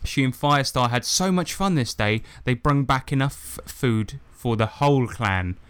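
A man's voice: mid-range voice, lively intonation, moderate pace, a bit bright, clean tone. A man co-hosting a podcast, reading bad fan fiction aloud with sarcastic, exasperated asides and swearing. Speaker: podcast co-host.

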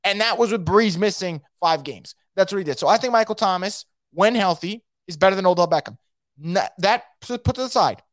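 A man's voice: high-pitched, expressive, fairly quick, no room sound, studio quality. A man hosting a solo sports podcast, talking in an opinionated, emphatic, rambling way. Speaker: podcast host.

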